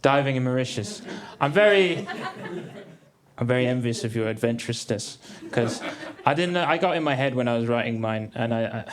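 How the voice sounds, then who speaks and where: A young man doing a stand-up comedy set on a theatre stage, deadpan and dry, with the odd high exclaimed punchline. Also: a little fast. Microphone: stage mic. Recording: live theatre with crowd laughter. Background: audience laughing.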